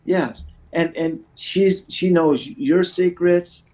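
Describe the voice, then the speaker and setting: A man's voice: high voice, fairly even intonation, slow pace, a little mellow, poor audio. A middle-aged man speaking as an interview guest about recovery, earnest and passionate, often restarting his sentences and saying "you know". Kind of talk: casual interview talk.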